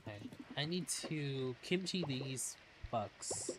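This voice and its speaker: A man's voice: medium pitch, animated, measured pace, a little hiss or hum. Rambling man chatting while gaming. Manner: rambling, chatty, swears casually. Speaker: streamer. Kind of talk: casual gameplay chat.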